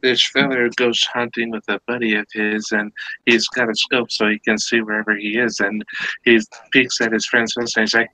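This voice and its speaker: A man with a low-ish, bright voice rambles through jokes in casual chat, stumbling over fillers. His voice sounds dry and close. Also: level tone, moderate pace, no echo, low-quality recording.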